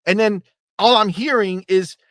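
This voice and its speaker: A man hosting a live gaming stream in a casual, animated and profane way, with mocking asides. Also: sits high, normal speed, no echo, clean studio sound. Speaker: livestream host. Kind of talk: casual livestream talk.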